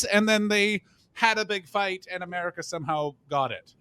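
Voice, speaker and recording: A man co-hosting a comedy podcast, telling rambling, animated stories full of swearing and quoted voices. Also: high-pitched, very fast, no room sound. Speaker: podcast co-host. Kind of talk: casual comedic chat.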